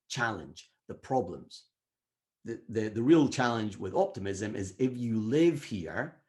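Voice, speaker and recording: A middle-aged man giving an energetic motivational talk at a wellbeing summit, acting out quoted inner voices. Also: fairly low pitch.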